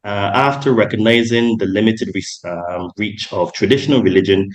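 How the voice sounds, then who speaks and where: Rambling podcast host, low voice. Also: male voice, normal speed, low-quality recording. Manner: rambling, many ums and self-corrections. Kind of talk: casual podcast interview.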